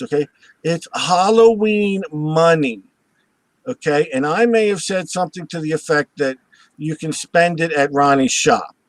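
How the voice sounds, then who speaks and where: With a voice on the high side, a man hosting a live show narrates a story full of laughter and acted-out voices. He's animated and laughs at his own jokes, heard with no echo on a rough recording.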